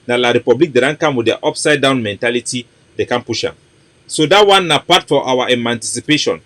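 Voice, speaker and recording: A man's voice: mid-range voice, no echo. A man with a Cameroonian Pidgin English accent, hosting a mocking, emphatic political commentary monologue. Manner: mocking, emphatic, rising to loud declarations.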